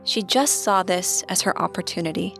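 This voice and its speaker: A woman narrating a scripted true-crime story as podcast co-host, in a steady storytelling delivery. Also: lowish voice, normal speed, gravelly, soft background music.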